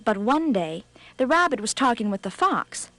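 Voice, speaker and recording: A woman narrating a children's storybook in a scripted, expressive read, slowing for effect. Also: a little high, no room sound.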